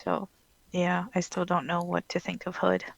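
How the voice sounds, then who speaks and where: A woman's voice: on the low side, completely flat delivery, moderate pace, creaky, no room sound, highs cut off. A woman co-hosting a casual book podcast, thinking aloud and often restarting her sentences. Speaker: podcast co-host. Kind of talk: casual book-club chat.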